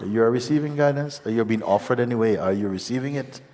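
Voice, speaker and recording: A man giving a satsang teaching as a spiritual teacher, gentle and unhurried, often breaking into laughter. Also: medium pitch. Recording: long hall reverb with faint ambience.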